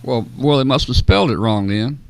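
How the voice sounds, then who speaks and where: A man hosting a casual radio roundtable, folksy and often clearing his throat. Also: medium pitch, animated, brisk. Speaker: host.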